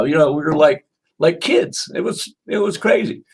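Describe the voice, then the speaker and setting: Speaking at a moderate pace with a medium-pitched, somewhat mellow voice, an older musician guest tells wandering stories in an interview. He coughs now and then and reads aloud from his own book.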